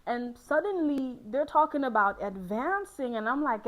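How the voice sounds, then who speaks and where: Animated young woman chatting. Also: moderate pace, rough recording. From Ghana. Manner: animated, laughs often, jumps into high squealing exclaims. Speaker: host. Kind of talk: casual chat to camera.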